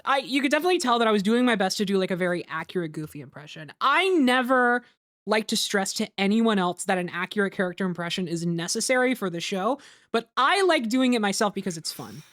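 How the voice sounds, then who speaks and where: A woman hosting a casual commentary chat, animated and laughing often as she tells stories. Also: mid-range voice, fast talker, no echo, clean studio sound. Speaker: fandub director and host.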